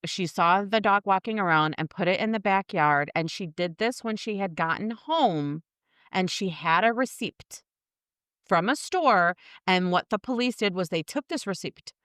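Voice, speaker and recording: A woman's voice: mid-range voice, lively intonation, moderate pace, a bit bright, clean tone, dry recording, studio quality. A woman in her thirties co-hosting a casual true-crime podcast, telling the story bluntly with lots of swearing. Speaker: podcast co-host.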